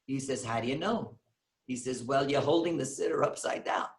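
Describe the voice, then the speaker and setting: A man's voice: medium pitch, moderate pace, roomy sound, low-quality recording. A man giving a synagogue lecture, retelling a comic story and acting out its characters' voices. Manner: animated storyteller acting out voices, laughs at his own jokes. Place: synagogue hall.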